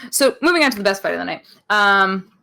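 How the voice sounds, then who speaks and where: A young American woman from upstate New York, co-hosting a podcast in loud, animated, joking casual chat. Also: mid-range voice, quick pace, creaky. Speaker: podcast co-host.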